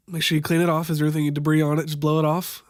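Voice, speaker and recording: A young man improvising a makeup tutorial voiceover, halting and stumbling over product names, wryly amused by what he sees. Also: on the high side, little pitch movement, dry recording, studio quality. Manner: wry, amused at the footage. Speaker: voiceover narrator.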